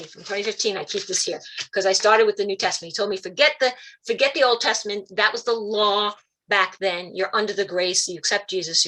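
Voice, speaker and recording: A woman giving a spiritual talk over a video call, telling stories and acting out quoted voices with big jumps in pitch. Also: pushed and bright, slight background noise. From Italian-American, Calabrese roots. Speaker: guest speaker.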